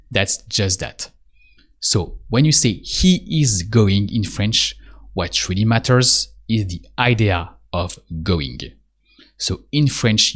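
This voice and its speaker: Slow, patient low-voiced man teaching. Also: slightly rough. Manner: patient, calm, repeats prompts and pauses for answers. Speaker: French teacher. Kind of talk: slow spoken language lesson.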